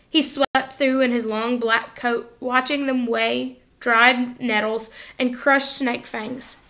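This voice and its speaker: A woman narrating a children's novel aloud in an expressive, lively reading style. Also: on the high side. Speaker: audiobook reader. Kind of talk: storybook narration.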